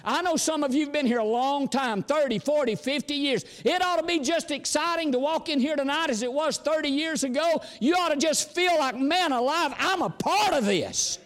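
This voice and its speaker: A man's voice: extremely high pitch, normal speed, few pauses, fairly bright tone, long reverb tail. A man preaching a sermon, folksy and storytelling, sometimes exclamatory and sometimes chatty. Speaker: visiting preacher.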